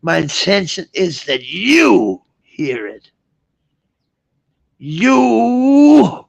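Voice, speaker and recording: Slow, gravelly high-voiced man ranting. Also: expressive, fairly bright tone, no echo. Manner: rambling, profane, mocking, chuckles between jabs. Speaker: vlogger. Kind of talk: ranting vlog monologue.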